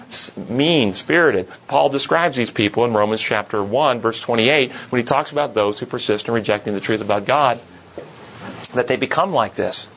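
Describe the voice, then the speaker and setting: A man's voice: mid-range voice, fairly bright tone, poor audio. A man leading a Bible study class, earnest, asking the group questions and repeating words for emphasis.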